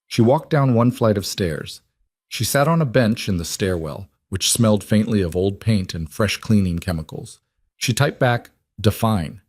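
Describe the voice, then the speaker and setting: A man narrates a scripted drama in short, even, declarative sentences. His voice sits fairly low. The sound is close and dry, with no room echo. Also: normal speed.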